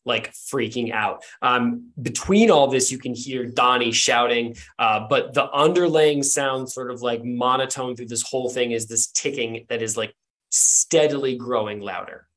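A man's voice: mid-range voice, moderate pace, a bit bright. A man running a tabletop game as its game master, narrating in a rambling way full of filler words. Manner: rambling, full of ums and likes.

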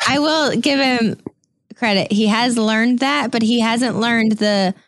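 A woman's voice: fairly high pitch, slow pace, no room sound, clean studio sound. A woman guest on a podcast, talking casually with laughs and trailing phrases. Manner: giggly, trailing, searching for words.

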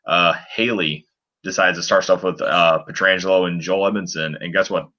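A man's voice: low voice, steady tone, normal speed, bright, forceful tone, highs cut off. A man on a casual sports podcast, recapping a game in a rambling way with lots of fillers. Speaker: podcast co-host.

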